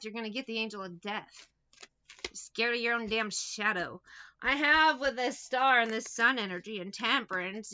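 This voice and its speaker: Bright-voiced, profane woman tarot reader. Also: on the high side, highs cut off, slight background noise. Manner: profane, blunt and mocking. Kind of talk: casual spoken tarot reading.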